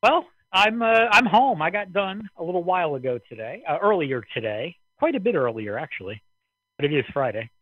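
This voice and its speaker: A man's voice: on the high side, a little fast, breathy edge, dry recording. Man on a dry radio line. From American Midwest. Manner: relaxed, rambling. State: slightly out of breath. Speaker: caller on the net. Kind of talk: amateur radio net chat. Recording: dry radio transmission, phone-like band.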